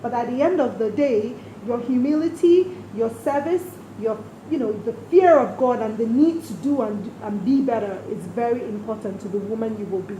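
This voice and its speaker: A woman's voice: fairly high pitch, moderate pace, few pauses, mellow. A middle-aged woman from Nigeria, answering interview questions earnestly and reflectively. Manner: earnest, speaks directly to late mother. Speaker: interview guest. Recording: roomy with clear background noise.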